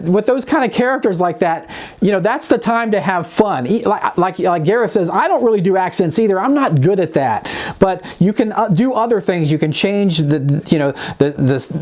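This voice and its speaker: A man's voice: sits high, darkish tone. A man co-hosting a casual chat about running tabletop games, eager and conversational, with many fillers. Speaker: co-host giving game master tips.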